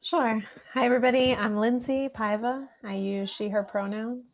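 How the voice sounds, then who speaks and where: A woman, an elementary school teacher, introducing herself on a podcast over a video call in a measured, orderly way. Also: fairly high pitch, steady tone. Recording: dull lo-fi call audio.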